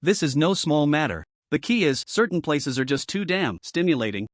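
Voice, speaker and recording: A man's voice: a little high, lively intonation, moderate pace, dry recording, clean studio sound, close to an everyday voice. A man voicing a confident, teasing young male cultivator hero.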